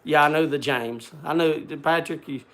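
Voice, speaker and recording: Gravelly older man chatting casually. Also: a little high, normal speed, fairly bright tone. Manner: rambling, folksy, self-deprecating. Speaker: livestream host. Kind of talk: casual chat to viewers.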